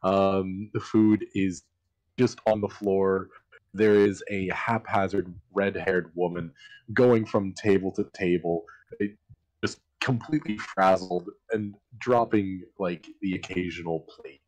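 A man's voice: sits low, fairly even intonation, darkish tone, poor audio. A man narrating a tabletop role-playing game as game master, hesitant and often laughing. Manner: laughing often, slow and hesitant with many ums.

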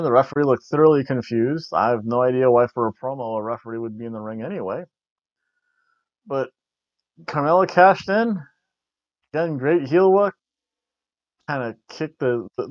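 A man's voice: on the high side, no echo. A man hosting a wrestling review show, rambling in casual chat with jokes and frequent restarts. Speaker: wrestling review podcast host. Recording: dull lo-fi dry recording.

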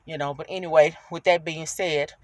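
A woman in her fifties telling a casual story to her viewers from inside her car, chatty and animated. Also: low voice, moderate pace, dry recording. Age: 50s. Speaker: rideshare driver vlogger.

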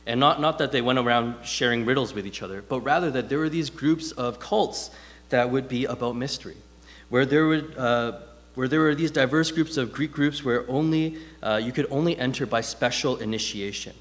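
Guy giving a chatty church sermon, medium pitch, long reverb from the hall. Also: moderate pace. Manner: conversational, animated storytelling with frequent fillers. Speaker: preacher.

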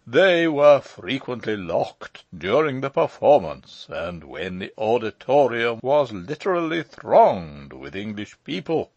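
A pompous old gentleman holds forth in a long-winded lecture, as a man reads him aloud. His pitch swings widely as he drones on. The audiobook recording is dry and a little dull. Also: very animated, takes it slowly, few pauses, no echo, full character voice. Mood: lecturing. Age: older. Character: pompous elderly male lecturer, self-important.

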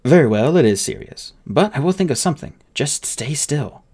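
Man playing a clipped formal teen genius, higher voice, husky, gravelly. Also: very animated, normal speed, a little mellow. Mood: anxious. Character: precise teenage boy genius, formal, grieving.

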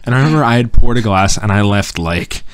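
A man's voice: fairly low pitch, lively intonation, fast talker, no room sound. A young man hosting a casual podcast, telling rambling stories and acting out quotes. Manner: rambling storyteller, acts out quotes. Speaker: podcast host. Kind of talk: casual chat.

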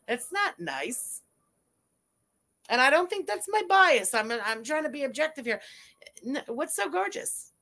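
A woman streamer giving loud, animated, swearing reaction commentary while watching a video, laughing often. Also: high voice, measured pace, gravelly, long pauses. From Canada.

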